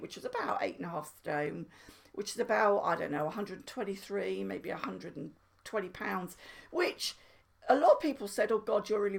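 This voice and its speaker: A woman's voice: medium pitch, vocal fry. A middle-aged woman vlogging in casual chat to camera, chatty and self-mocking, laughing at herself often.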